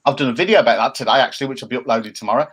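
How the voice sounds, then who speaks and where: A middle-aged man, co-hosting a casual chat show from home and given to animated, jokey rants. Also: medium pitch, rapid-fire, breathy edge. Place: home room by a window. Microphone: laptop camera.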